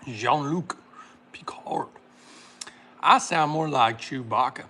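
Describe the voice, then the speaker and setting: Bright-voiced chatty man on a livestream. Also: mid-range voice, normal speed. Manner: chatty, laughs often, talks while making a smoothie. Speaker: livestream host reading chat. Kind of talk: casual live chat.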